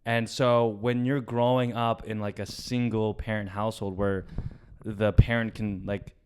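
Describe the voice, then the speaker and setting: A young adult man co-hosting a comedy podcast, telling a family story in casual chat, swearing often and trailing off softly. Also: lowish voice, level tone, a little slow, smooth. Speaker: podcast co-host.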